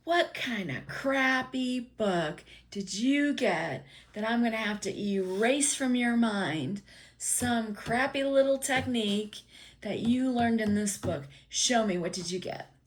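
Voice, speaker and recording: A woman's voice: normal speed, close to an everyday voice. A woman voicing her stern, exasperated father, scolding in a raised voice. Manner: scolding, raised and higher than her own voice.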